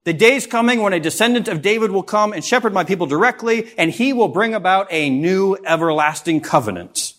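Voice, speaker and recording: A man's voice: high voice, animated, brisk, hardly any pauses, a bit bright. A man teaching a Bible lesson, reading scripture aloud and asking his listeners rhetorical questions.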